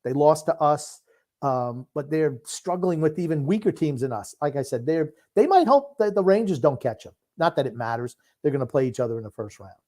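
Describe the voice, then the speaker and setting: Opinionated male podcast co-host, somewhat high-pitched, blunt and argumentative in casual chat. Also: expressive, fairly quick, dark tone.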